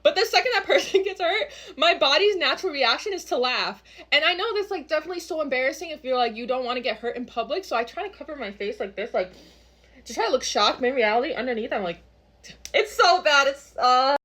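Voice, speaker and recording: A young woman rattles through a storytime at a quick clip. Her voice sits fairly high and she laughs often. She talks casually, with plenty of slang. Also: expressive, a bit bright. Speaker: storytime vlogger. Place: New York City.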